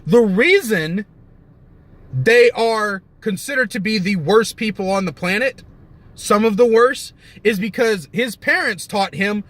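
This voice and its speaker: A man's voice: high voice, unhurried, fairly bright tone. A young man ranting in heated, profane, sarcastic commentary, often stopping to correct himself. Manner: rambling with self-corrections.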